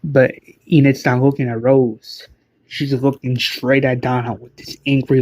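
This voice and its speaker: Slow, halting male storyteller. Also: mid-range voice, steady tone, no echo. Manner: informal, halting, many restarts. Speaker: narrator. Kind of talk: casual storytelling narration.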